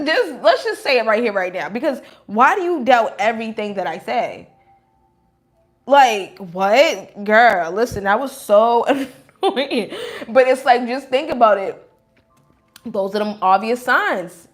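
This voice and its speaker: A woman doing a casual tarot reading, blunt and animated, laughing often as she talks. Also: on the high side. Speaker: tarot reader.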